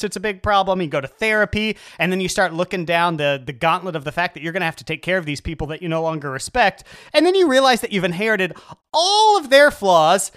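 A man co-hosting a casual comedy chat, ranting in a dark, sardonic and profane way. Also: sits high, clean tone, no room sound, clean studio sound. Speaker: podcast co-host.

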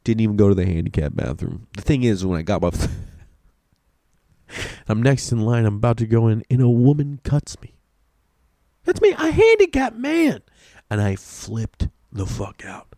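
A young adult man, a podcast host, telling a rambling, profane and excitable comic story in a casual way. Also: fairly low pitch, moderate pace, pauses often, no room sound, studio quality.

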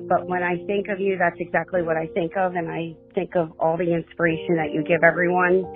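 A woman leaves a heartfelt voicemail, thankful and a little hesitant. Her voice sits slightly low and comes through a thin, phone-like line. Music plays clearly beneath her. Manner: warm, grateful, hesitant with fillers. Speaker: voicemail caller.

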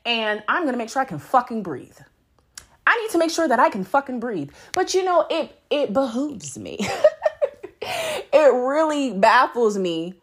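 A woman's voice: fairly high pitch, normal speed, breathy edge. A woman hosting a casual podcast monologue, blunt and profane, laughing often as she talks. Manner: animated, swooping delivery. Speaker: podcast host.

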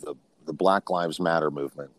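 A man's voice: a bass voice, steady tone, a little fast. A man in his fifties, a podcast guest, telling personal stories in a frank, rambling way and often restarting his sentences. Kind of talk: personal storytelling in casual conversation.

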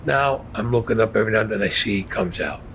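He talks fast in a fairly bright, lowish voice, recounting his history bluntly and with plenty of profanity, acting out quotes as he goes. The recording is rough, with slight background noise.

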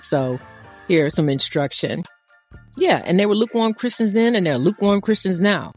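A woman, co-hosting a casual faith talk and preaching in an animated, conversational way. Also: medium pitch, brisk, faint music behind. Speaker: podcast co-host.

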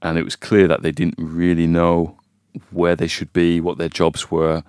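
A man's voice: sits low, completely flat delivery, moderate pace, a little mellow, clean tone, no room sound, studio quality. A man discussing a football match in a casual podcast chat, thoughtful and hesitant, with frequent fillers. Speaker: football pundit.

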